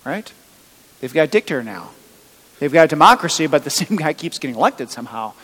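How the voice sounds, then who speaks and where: A man's voice: fairly high pitch, big pitch swings, quick pace, a bit bright, slightly rough. A male pastor preaching a sermon in a conversational way, with rhetorical questions and stories from everyday life. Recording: long hall reverb.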